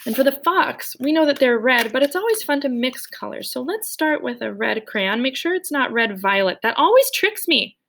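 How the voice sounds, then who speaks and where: A woman's voice: high voice, lively intonation, moderate pace, vocal fry, hardly any pauses, fairly bright tone. A young woman leading a children's drawing lesson, cheerful and playful, speaking directly to the kids. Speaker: art teacher.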